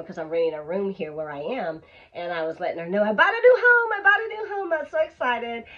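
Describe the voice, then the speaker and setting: Husky woman telling a lively story. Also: on the low side. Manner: animated, emphatic storytelling. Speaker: vlogger. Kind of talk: storytime vlog. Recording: dull lo-fi recording.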